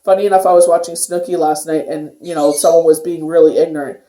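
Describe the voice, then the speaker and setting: Tarot reader doing a daily pull, mellow warm voice, lots of "you know", sounds like a roomy echoey space. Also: medium pitch, level tone, quick pace. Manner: rambling, filler-heavy talk with many "you know"s. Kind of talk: casual daily tarot reading. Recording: echoey room.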